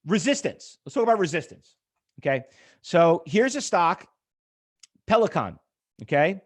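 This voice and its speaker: A man's voice: high-pitched, unhurried. A middle-aged man teaching a live trading class over a chart on screen, telling stories and acting out quoted exchanges. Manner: animated, storytelling, acts out quoted exchanges. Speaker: trading instructor.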